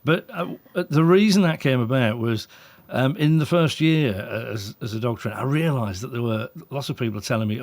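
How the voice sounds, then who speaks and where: A man, a dog trainer being interviewed, telling stories in a lively way, acting out other people's voices and chuckling often. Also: medium pitch, moderate pace. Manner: animated, acts out quoted voices, frequent chuckles. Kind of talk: conversational interview storytelling.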